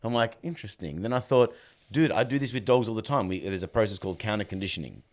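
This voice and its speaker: A man's voice: lowish voice, quick pace. A man, a podcast guest and dog trainer, chatting casually and acting out quoted dialogue as he tells stories. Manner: animated storyteller, acts out quoted dialogue. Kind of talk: casual conversation.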